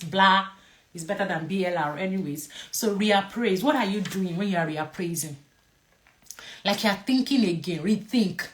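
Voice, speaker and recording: A woman's voice: mid-range voice, a bit bright. Playful woman teaching to camera. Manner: playful, emphatic, repeats key words; asks viewers to comment. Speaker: mental health educator.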